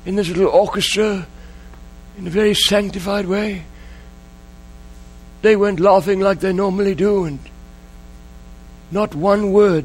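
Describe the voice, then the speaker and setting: A man's voice: sits high, darkish tone. A man preaching a sermon, telling a story in an emotional way and repeating key phrases. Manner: emotional, repetitive, dwells on phrases.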